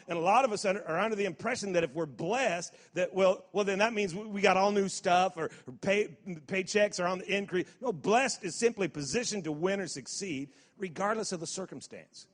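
A man with a high voice preaches a sermon at a service, repeating and restarting words before punching out emphatic lines. His voice rings with the long reverb of a church hall. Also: fairly quick, few pauses. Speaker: pastor.

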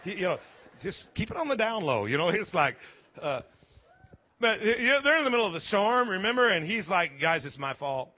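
In a church sanctuary, a pastor with a husky voice delivers a live sermon, his pitch swinging widely as he jokes and stumbles into quick restarts. The audio comes across dull and lo-fi.

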